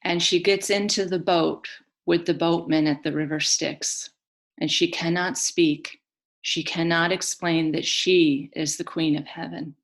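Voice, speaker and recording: Slow, low-voiced woman storyteller. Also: steady tone. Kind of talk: mythic storytelling.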